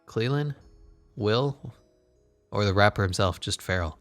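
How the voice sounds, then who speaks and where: Low-voiced sarcastic gaming man. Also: a little slow, fairly bright tone, soft background music. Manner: sarcastic, swearing, muttering asides. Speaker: gaming channel host. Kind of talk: casual video game commentary.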